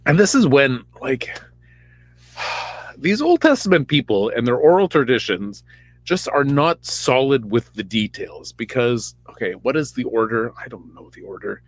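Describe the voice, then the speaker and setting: Man, campy, irreverent, rambling storyteller, lively pitch, dry close sound. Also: no room sound. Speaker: podcast host. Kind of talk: comedic Bible retelling.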